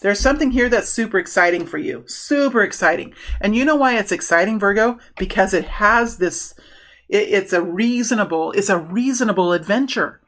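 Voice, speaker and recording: A woman giving a casual tarot reading, animated and prone to excited bursts, often restarting her sentences. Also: medium pitch, moderate pace. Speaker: tarot reader.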